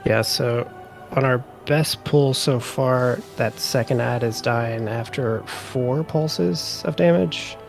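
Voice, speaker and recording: A gravelly-voiced man leads a raid over voice chat, calmly calling out tactics and timings. Loud game music plays under his voice. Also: mid-range voice, takes it slowly. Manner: calls out tactics and countdowns. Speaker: raid leader.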